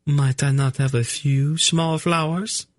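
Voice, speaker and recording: A woman's voice: low voice, steady tone, takes it slowly, no room sound, clean studio sound, pitched above the performer's own voice. A man reading the part of a timid young noblewoman who speaks in old-fashioned, formal phrases and pleads in a faltering voice. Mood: trembling, pleading. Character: timid, tearful young noblewoman, archaic speech.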